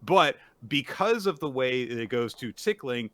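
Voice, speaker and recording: Animated bright-voiced man recapping manga. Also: mid-range voice, no room sound. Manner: animated, acts out characters in quick silly voices. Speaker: podcast co-host. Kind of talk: casual manga recap chat.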